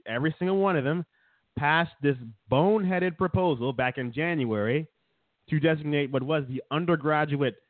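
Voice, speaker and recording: A man's voice: fairly high pitch, dry recording. Sarcastic man on a tinny line. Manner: sarcastic, mocking, laughs often. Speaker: podcast co-host. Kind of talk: casual political chat. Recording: dry, tinny phone-like sound.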